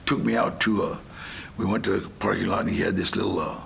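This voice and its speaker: An older man with a deep, fast voice, some vocal fry, and a faint hiss or hum appears as a talk show guest. He spins rambling, animated stories casually, acting out what other people said.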